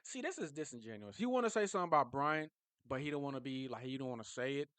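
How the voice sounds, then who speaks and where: A man talking casually and excitably as a football fan vlogger, jumping from low mutters to high yelps. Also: fast, no room sound. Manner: animated, excitable, swings from low mumbling to high shouts.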